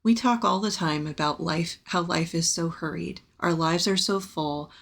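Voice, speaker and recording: A woman's voice: fairly low pitch, moderate pace, vocal fry, a bit bright. A woman co-hosting a faith podcast, speaking earnestly and reflectively and asking her co-host questions. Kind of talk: candid faith conversation.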